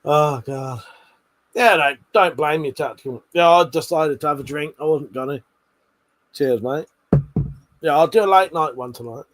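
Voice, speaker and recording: A man's voice: on the high side, moderate pace, pauses often, slight background noise. A man hosting a casual late-night livestream, reading out chat messages with lots of swearing, laughter and joking banter.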